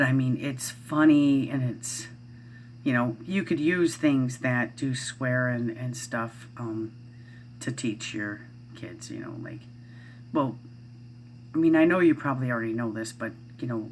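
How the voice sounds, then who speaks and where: A woman's voice: extremely low pitch, a little hiss or hum. A middle-aged woman vlogging at home, chatting casually in a rambling way with lots of fillers and restarts. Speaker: parent vlogger. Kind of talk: casual chat to camera.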